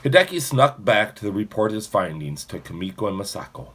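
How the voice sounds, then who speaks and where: Brief: male audiobook narrator, husky lowish voice, lively pitch. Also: fairly quick. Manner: expressive, shifting voices for characters.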